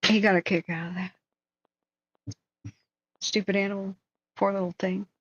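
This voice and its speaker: A woman's voice: mid-range voice, flat delivery, moderate pace, dry recording. Lady host rambling and telling stories off the cuff, kinda muffled lo-fi audio. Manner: rambling, thinking aloud, storytelling. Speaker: livestream host. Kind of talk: casual live commentary. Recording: dull, dry lo-fi sound.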